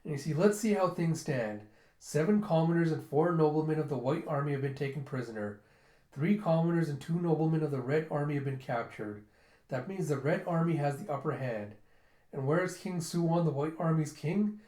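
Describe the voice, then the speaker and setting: A man's voice: a little high, a little fast, dark tone, roomy sound. A man in a casual comic readthrough, retelling the story and acting out characters' lines. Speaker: book reviewer.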